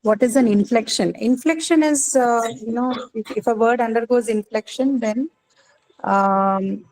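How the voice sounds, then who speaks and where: A woman's voice: fairly high pitch, measured pace, darkish tone, low-quality recording. Female teacher, patient explainer, fillers and "right?" tags, online lesson. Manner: explains patiently with many fillers and tag questions. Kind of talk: online class lecture.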